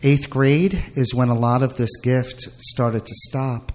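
A man's voice: medium pitch, steady tone, takes it slowly, darkish tone. A middle-aged man from Brooklyn, a guest telling candid personal stories in a rambling way, full of fillers and restarts.

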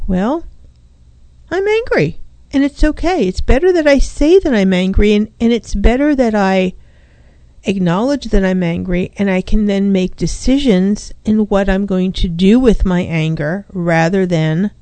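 A woman's voice: medium pitch, lively intonation, a little slow, warm tone, no room sound. A woman therapist hosting a radio talk show, speaking reflectively into a studio microphone. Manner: reflective, speaks in first person about feelings. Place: small studio. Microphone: studio microphone with headphones.

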